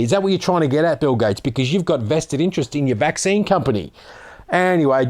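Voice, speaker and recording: A man's voice: on the high side, expressive, fast talker, a little mellow. An Australian man ranting sarcastically as a vlogger, reading out a news article and swearing as he gets heated.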